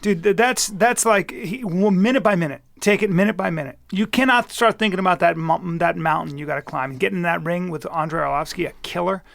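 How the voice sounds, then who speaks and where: High, gravelly-voiced rambling man. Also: fairly quick, hardly any pauses, fairly bright tone. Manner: rambling, jokey storyteller with many restarts. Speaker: podcast co-host. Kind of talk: casual chat.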